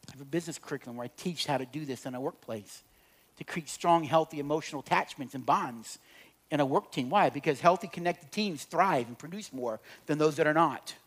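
A middle-aged man tells humorous stories to an audience. His voice sits a little high for a man. He swings between loud bursts and quiet, low passages. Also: a little fast. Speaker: speaker on relationships. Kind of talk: humorous storytelling talk to an audience.

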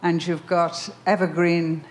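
A woman preaches a sermon as a Bible conference speaker, taking it slowly in a fairly low voice with a level tone. Her story builds through emphatic repetition before she leads the prayer.

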